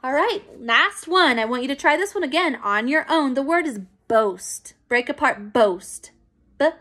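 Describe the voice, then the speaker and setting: A woman teacher giving a recorded phonics lesson to young children, encouraging and clear. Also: high voice, expressive, bright, forceful tone. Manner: slow, clear, encouraging classroom pacing.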